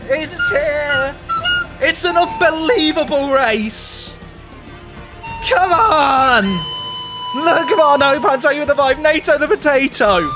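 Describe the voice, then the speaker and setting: High-pitched excitable male game streamer. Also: slow pace, over music. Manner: excitable, exclamatory, repeats phrases. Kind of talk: live gameplay commentary.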